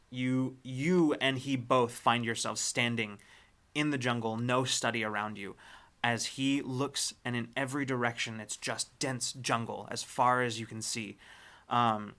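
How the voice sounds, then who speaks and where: Bright-voiced male game master. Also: medium pitch. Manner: descriptive, halting, many fillers. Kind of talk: narrating a tabletop game.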